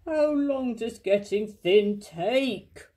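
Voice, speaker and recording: A gentle, muddled little bear, as a grandmother reads him aloud. He speaks in a slow, plaintive way with a soft, mellow tone, drawn out as if thinking hard. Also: sits high. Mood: anxious. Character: gentle, greedy, muddled young male bear.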